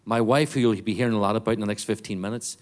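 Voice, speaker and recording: A man's voice: lowish voice, racing. A middle-aged man with a Northern Irish accent, a guest missionary preaching a joking, fervent sermon to a church congregation. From Northern Ireland. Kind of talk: sermon with jokes.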